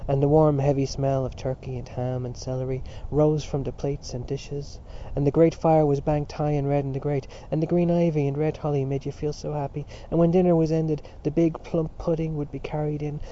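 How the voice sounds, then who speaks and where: A man narrating a novel as an audiobook in a measured, even manner, on a dull lo-fi recording. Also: fairly high pitch, slight background noise.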